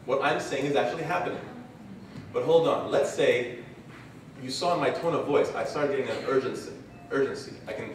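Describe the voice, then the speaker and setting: A man giving a religious lecture at a conference, a lively storyteller who acts out his examples. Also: mid-range voice, slight background noise. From Canada. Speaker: conference speaker. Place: large conference hall. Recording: echoey hall, distant mic, faint ambience.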